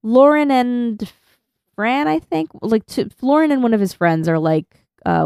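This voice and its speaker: A woman's voice: mid-range voice, fairly even intonation, moderate pace, creaky, a little mellow, smooth, no echo, clean studio sound. A woman co-hosting a podcast, chatting casually and laughing as she reads out her notes. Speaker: podcast co-host. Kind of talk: casual chat recapping an anime.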